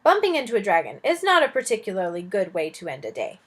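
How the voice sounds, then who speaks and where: Teacher lady reading a kids' novel out loud, lively ups and downs, chatty little asides. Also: mid-range voice, quick pace, breathy edge. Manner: expressive, with chatty asides to listeners. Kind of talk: reading a children's novel aloud.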